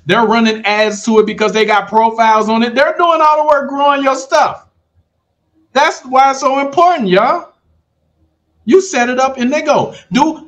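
A man coaching viewers in a casual, animated talk, often checking they follow along. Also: very high voice. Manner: animated, talks straight to viewers with repeated check-ins. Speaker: online business coach. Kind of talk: casual livestream pitch.

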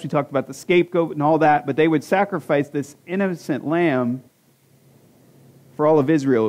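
With a darkish voice on the high side, a man in his 40s delivers a conversational sermon as pastor in a church sanctuary. He mixes self-deprecating humor with rhetorical questions directed at the congregation.

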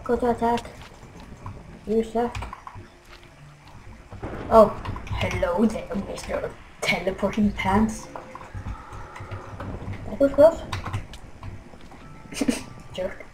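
A young woman commentating her own gameplay, frustrated and trash-talking, with excitable outbursts. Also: medium pitch, drawn-out words, pauses often, a little hiss or hum, low-quality recording. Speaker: gaming commentator.

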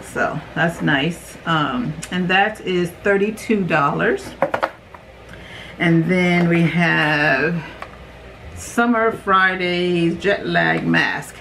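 Chatty woman vlogger, lowish voice. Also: extremely slow, vocal fry, noisy background. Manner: chatty and rambling, voice jumps high at prices. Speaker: beauty vlogger. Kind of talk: casual unboxing chat.

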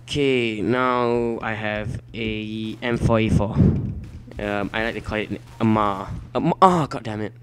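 A man giving let's play commentary at his computer, excitable and quick to shout and swear at the game. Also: on the low side, noisy background. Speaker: gameplay commentator.

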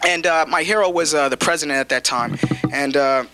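A man's voice: on the high side, a little fast. A male stand-up comedian delivering a routine with punchy timing. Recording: noisy old TV recording.

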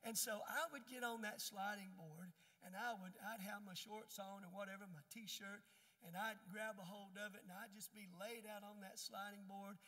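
A man's voice: high voice, fairly even intonation, normal speed, pushed and bright. An older man preaching a sermon in a church, emphatic and folksy as he tells stories. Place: church sanctuary. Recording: long church reverb.

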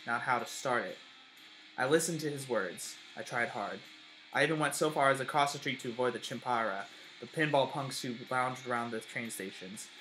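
Man narrating a story, earnest and steady, bright tone, light guitar backing. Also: medium pitch. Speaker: reader. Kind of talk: story reading. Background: soft guitar music.

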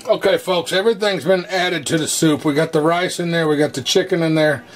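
Folksy man, home cooking vlog host, slightly hoarse, voice a bit high, faint kitchen clatter. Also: a little fast, slight background noise. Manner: folksy, addresses viewers as folks. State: losing his voice.

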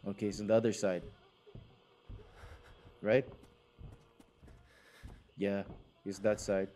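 A hoarse young man commentating a horror game, jittery and repeating himself as he plays. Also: lowish voice, flat delivery, dark tone. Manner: jittery, talks to himself, repeats words rapidly. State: hoarse, sore throat. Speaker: gaming channel host.

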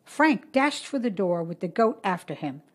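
A woman narrating a short story in a steady, measured reading voice. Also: mid-range voice.

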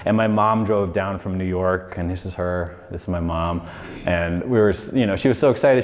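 Speaking at a moderate pace in a deep voice, a man in his forties tells his story as a designer in a lecture hall with long, echoing reverb. The talk is casual and meandering, peppered with "like" and "you know."

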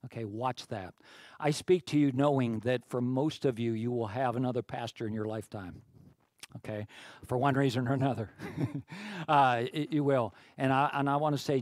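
A man's voice: mid-range voice, a little mellow, no echo. A man preaching a sermon as pastor, talking in a conversational way with many restarts and climbing to emphatic peaks.

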